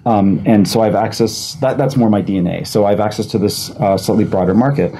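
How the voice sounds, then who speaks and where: A man's voice: lowish voice, quick pace, warm tone, a little hiss or hum, low-quality recording. A man talking casually as a game designer on a live panel, rambling with lots of fillers and restarts.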